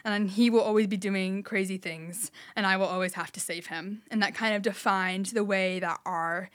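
A woman's voice: medium pitch, steady tone, normal speed. A young woman telling a personal story on a podcast in a chatty way, with lots of filler words. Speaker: podcast guest.

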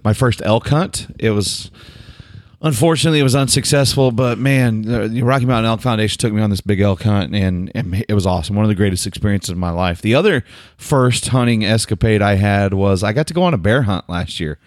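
Oklahoma man, low-pitched co-host, easygoing rambling talker; dry studio sound. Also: brisk, no room sound. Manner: relaxed, rambling storyteller. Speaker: podcast co-host. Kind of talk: casual chat.

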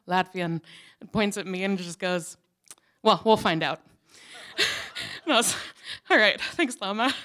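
A woman's voice: lowish voice, clean tone. Chatty woman hosting a reading. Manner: chatty, self-deprecating, lots of "um" and "like". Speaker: host of the reading series. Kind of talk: casual stage introduction. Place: live reading event.

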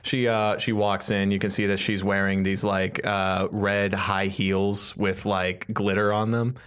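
A man narrating as game master in a relaxed way, with many fillers. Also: on the low side, unhurried, clean tone.

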